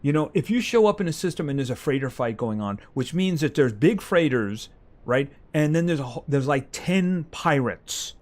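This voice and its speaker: A man's voice: a little high, animated, normal speed, darkish tone. A man streaming a farming game live, chatting casually with his viewers as he plays. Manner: chatty, talks to game animals and reads chat aloud.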